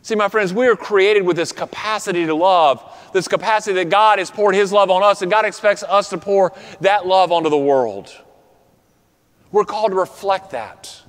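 High-voiced pastor preaching in a reverberant hall. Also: male voice, normal speed. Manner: earnest, drops to soft quiet endings for emphasis. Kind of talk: sermon.

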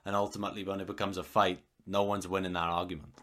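A man's voice: low voice, flat delivery, quick pace, fairly bright tone. A man hosting a podcast over a video call, asking thoughtful, probing questions in a casual way. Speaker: podcast host. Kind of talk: casual interview talk.

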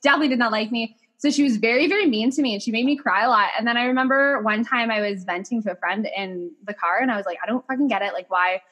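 A bubbly young woman chatting casually as a podcast guest, animated and swearing freely. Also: a little high, fast talker, few pauses.

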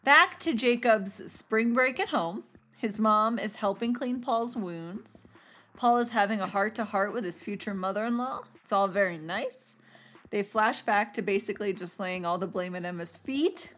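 A woman recaps a TV episode for a podcast with lots of animation and giggly asides. Her pitch is ordinary, and she tells the story in a loose, conversational way. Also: a bit bright. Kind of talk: casual chat.

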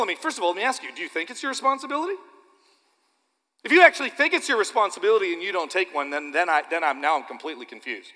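A man preaching a sermon to his church, animated and repetitive, addressing the audience directly. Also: high-pitched, racing, long reverb tail. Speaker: pastor.

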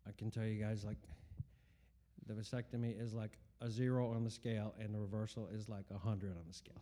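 A man's voice: medium pitch, dark tone. A man in his forties telling a personal faith testimony in an earnest, rambling way, with many fillers and restarts. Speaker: speaker giving a personal testimony.

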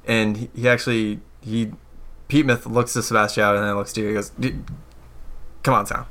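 A man narrating a tabletop role-playing game as game master, halting often with fillers as he describes scenes and speaks for characters. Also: fairly low pitch, level tone, vocal fry, fairly bright tone.

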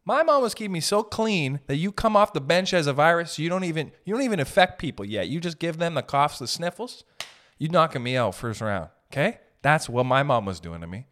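A young man telling comic stories in a loose, profane rant, riffing with quick asides. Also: a little high, big pitch swings, a bit bright. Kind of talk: comedic storytelling rant.

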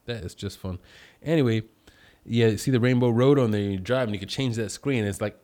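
A man's voice: on the low side, fairly quick. Upbeat man greeting livestream viewers. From United States. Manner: upbeat shout-outs, rambling asides. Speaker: livestream host.

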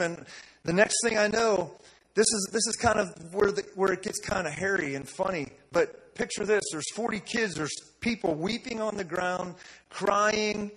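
A man preaching a sermon, telling a story with energy, repeating words and rising to loud declarations. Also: high-pitched, breathy edge, low-quality recording. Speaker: pastor. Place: church service.

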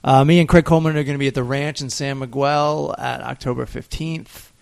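A man with a gravelly, raspy edge to his voice hosts a casual podcast. He jokes around and swears freely. The sound is dry and close, with no room in it. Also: mid-range voice, fairly even intonation, brisk, no room sound. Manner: loose, joking, swears casually. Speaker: podcast host, comedian.

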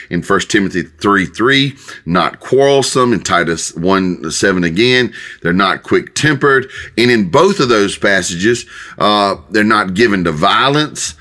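An older male pastor speaks in a loose, conversational sermon style, stopping and restarting his phrases often. His voice sits fairly low but has a bright, forceful edge. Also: animated. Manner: folksy, halting, many restarts and fillers. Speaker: pastor and Bible teacher.

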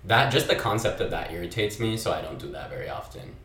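Young male podcast host, low-pitched, casual and profane, echoey recording. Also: fast, over a noisy crowd. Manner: relaxed, profane, lively storyteller. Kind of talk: casual chat.

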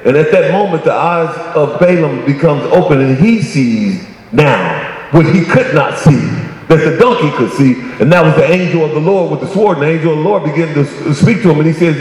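A man's voice: on the high side, animated, fairly quick, darkish tone. A man preaching a sermon, talking conversationally and then rising into emphatic bursts. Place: church sanctuary. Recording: very echoey hall.

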